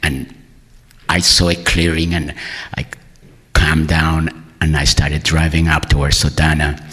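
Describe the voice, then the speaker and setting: A man's voice: rumbling low, level tone, unhurried, a bit bright, slightly rough, long reverb tail. A man telling a personal story in a candid, rambling, self-amused way.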